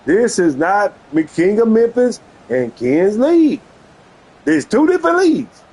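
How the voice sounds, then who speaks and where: Agitated husky man arguing over a game. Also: high-pitched, very animated, measured pace, darkish tone, low-quality recording. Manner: agitated, keeps repeating "hold on". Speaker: video game streamer. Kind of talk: heated argument over voice chat.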